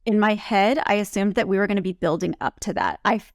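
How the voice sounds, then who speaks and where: A woman recapping a reality show in easy, chatty talk. Her voice has a gravelly edge, and she slips into animated quotes. The sound is close and dry, with no room echo. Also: mid-range voice, fairly quick. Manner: chatty, quotes others in lively bursts. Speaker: recap co-host. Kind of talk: casual recap chat.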